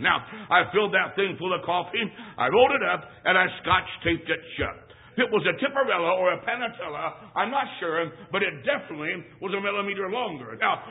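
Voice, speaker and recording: High-voiced folksy preacher, tinny sound. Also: male voice. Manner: folksy, emphatic, swings from hushed to shouting. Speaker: traveling evangelist. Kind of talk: storytelling sermon. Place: church service.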